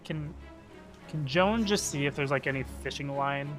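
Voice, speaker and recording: A man's voice: on the high side, normal speed, a bit bright, soft background music. A man playing a tabletop game, talking hesitantly and laughing with the group. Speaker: player.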